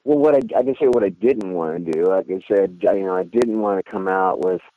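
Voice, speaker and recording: A man's voice: deep voice, brisk, no echo, phone-quality sound. A male singer being interviewed, chatting casually and rambling with lots of "you know" fillers. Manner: animated storyteller. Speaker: band singer, interview guest.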